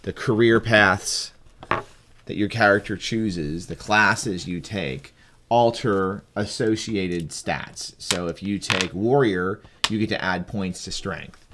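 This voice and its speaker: A man's voice: fairly low pitch, slow pace, fairly bright tone, a little hiss or hum. A man acting as game master who walks a friend through making a tabletop game character, talking in a breezy, teasing way with frequent restarts. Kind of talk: casual tabletop game explanation.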